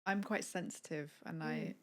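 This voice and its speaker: A woman hosting a podcast, talking openly in a gentle, self-conscious way. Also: sits low, fairly even intonation, normal speed. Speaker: podcast host. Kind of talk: casual podcast conversation.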